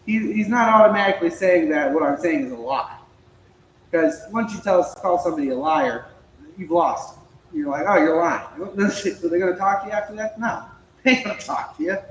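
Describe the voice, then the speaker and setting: A man speaking at a club meeting, telling stories in a lively way, acting out the dialogue and laughing often. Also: fairly high pitch. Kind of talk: storytelling talk to a small audience. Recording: echoey room with faint noise.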